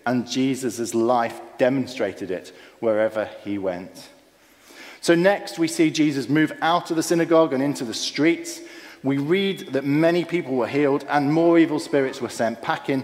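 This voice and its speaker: A man preaching a sermon, earnest and emphatic, dropping low and soft on key phrases. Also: in a large hall.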